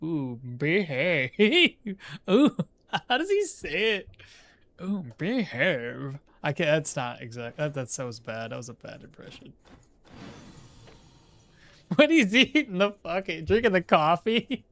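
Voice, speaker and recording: A man with a notably high voice talks loosely over a live game stream. He rambles off into side stories, trails off mid-thought and chuckles often. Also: huge pitch swings, normal speed, long pauses, a bit bright. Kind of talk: casual live-stream chat while playing.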